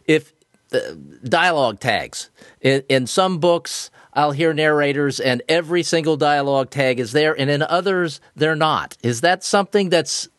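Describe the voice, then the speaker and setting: A man hosting a podcast, asking questions in a halting way and repeating words as he goes. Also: fairly high pitch, a bit bright, no room sound, clean studio sound. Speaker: podcast host. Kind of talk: casual interview.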